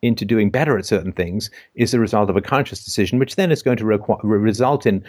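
Low-voiced man hosting a call-in show. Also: fast talker, darkish tone, no echo, studio quality. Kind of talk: casual phone-in discussion.

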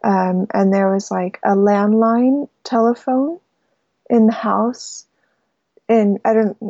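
A young woman from the United States tells her story haltingly over a call-in line, stopping and restarting often. Her voice is low-toned, mellow and full of vocal fry. The audio is dull, lo-fi and dry. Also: no room sound. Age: young adult. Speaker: caller.

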